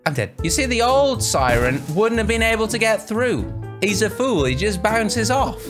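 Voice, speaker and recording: A man from Wales giving excitable, laughing commentary on a video game as its regular host. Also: high voice, normal speed. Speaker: gaming YouTuber. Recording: game music behind.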